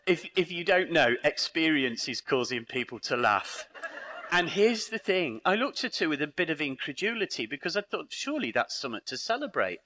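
A middle-aged British man addresses a hall full of people, his voice bright and fairly high. He swoops through a wide pitch range as he acts out conversations, with a dry, humorous edge. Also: moderate pace, a little hiss or hum. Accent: British English. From Britain. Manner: animated storyteller acting out dialogue, dry humour. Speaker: conference speaker. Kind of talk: lively live conference talk. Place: parish hall with an audience.

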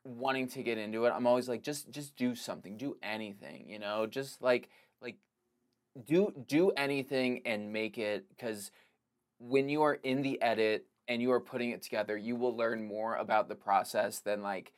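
A man's voice: medium pitch, normal speed. A man talking as a podcast guest about filmmaking and acting, rambling loosely with lots of "like" and restarts. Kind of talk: casual conversation.

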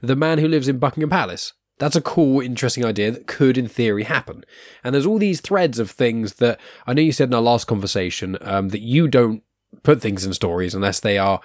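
A man's voice: mid-range voice, lively intonation, a little fast, darkish tone, no echo, clean studio sound. A young man hosting a podcast, chatting casually with a rambling, self-deprecating manner, full of fillers and restarts. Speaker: podcast host.

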